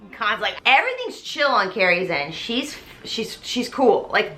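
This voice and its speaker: Bubbly tipsy woman, high lively voice. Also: soft background music. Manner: bubbly, chatty, acts out characters in quick voices. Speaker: host. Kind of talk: tipsy comedic musical recap.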